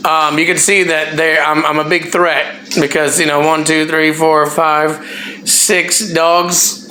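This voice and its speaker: A man's voice: a little high, level tone, slow, sharp tone, roomy sound, low-quality recording. A man hosting a casual vlog in a house, laid-back and joking as he talks to dogs. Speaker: vlog host. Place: house, dog sitting.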